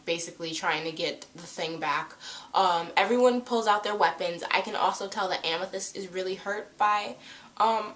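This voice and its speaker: A woman's voice: fairly low pitch, fairly bright tone. A woman reviewing a cartoon episode in a casual, chatty, rambling way, with lots of fillers. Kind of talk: casual chat.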